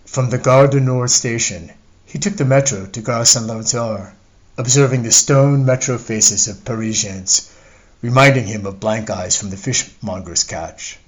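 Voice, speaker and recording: A man reads his own memoir aloud in a measured, reflective way. His voice sits at an ordinary medium pitch. The pace is steady and the delivery is unhurried. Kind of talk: audiobook narration of a memoir.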